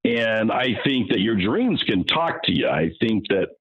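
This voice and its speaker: A man as interview guest, telling stories in an animated way and acting out what people said. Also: lowish voice, unhurried, slightly rough. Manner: animated, acts out quotes, frequent restarts. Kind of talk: casual storytelling interview. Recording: muffled lo-fi audio.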